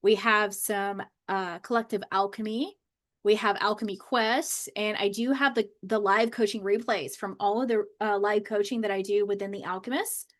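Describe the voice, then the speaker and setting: A woman's voice: mid-range voice, fairly even intonation, moderate pace, a bit bright. A woman coach chatting casually on a live stream from her home office, bubbly and loose, with lots of "like" fillers. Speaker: manifestation coach.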